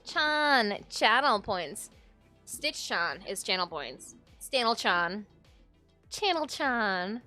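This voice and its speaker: A woman's voice: mid-range voice, expressive, slow pace, pushed and bright, dry recording. A woman in her thirties, a streamer in casual, playful chat with her viewers and her cat. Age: 30s. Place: home streaming room. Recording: dry close sound with music under it.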